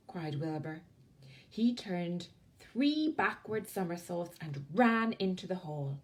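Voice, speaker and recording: A woman with an Irish accent reading a picture book aloud to children as a library storyteller, expressive and soft on the tag lines. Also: on the low side, slow pace.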